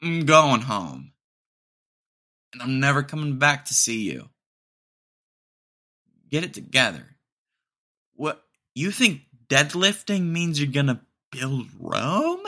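A man's voice: mid-range voice, lively intonation, measured pace, long pauses, sharp tone. A young man hosting a podcast, rambling through a casual comedic monologue with sarcasm and laughter at his own jokes. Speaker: podcast host.

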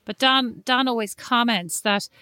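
A woman co-hosting a relaxed podcast chat, teasing and playfully indignant. Her voice sits a little high. The recording is dry and close. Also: unhurried, no echo. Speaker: podcast co-host. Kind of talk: casual chat between sisters.

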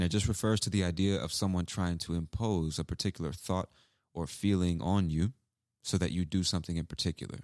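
A man's voice: deep voice, darkish tone, no room sound, clean studio sound. A man who hosts an English-learning podcast, explaining phrases casually and repeating examples. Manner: casual, repeats examples, acts out sample lines. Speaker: English teacher, podcast host.

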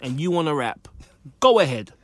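A man's voice: a little high, sing-song, moderate pace, dry recording. A British man in a casual discussion, making his points through stories and examples, his voice a little cracked. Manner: thoughtful, builds points with examples.

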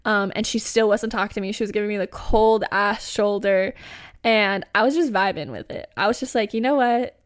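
A woman's voice: medium pitch, moderate pace. A woman in her twenties hosting a podcast, chatting through a funny personal story with lots of "like" and laughs. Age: 20s. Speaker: podcast host. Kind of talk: casual storytelling.

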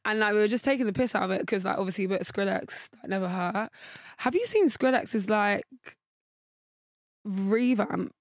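Brief: young female co-host, loose rambly chat, quick laughs, dry close mic. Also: medium pitch, expressive, no room sound. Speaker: podcast co-host. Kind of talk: casual chat.

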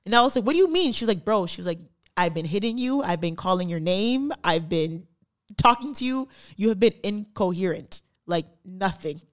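A woman's voice: lowish voice, lively intonation, moderate pace. A young woman chatting on a podcast, telling a story with lots of laughter and acting out the voices of the people in it. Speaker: podcast co-host. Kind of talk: casual storytelling chat.

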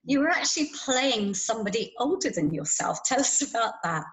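A woman's voice: fairly high pitch, very animated, fairly quick, slight background noise. A woman hosting a casual interview, asking friendly, brief questions. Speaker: interview host.

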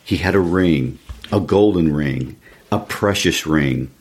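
A man's voice: low-pitched, takes it slowly, breathy edge. A man in an easygoing literary chat who chuckles as he talks and reads passages aloud. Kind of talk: casual literary discussion and reading aloud.

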